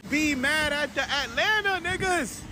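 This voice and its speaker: In a viral clip, a man with a New York accent launches into an animated street-talk rant packed with heavy slang. Exasperated, he swings between high and low pitch at a measured pace, with background noise behind him.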